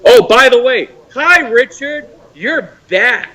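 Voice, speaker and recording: A man's voice: extremely high pitch, slow, poor audio. An American man calling in to a show, ranting and mocking someone with lots of swearing. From United States. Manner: profane, mocking, animated ranting. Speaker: caller. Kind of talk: heated call-in rant.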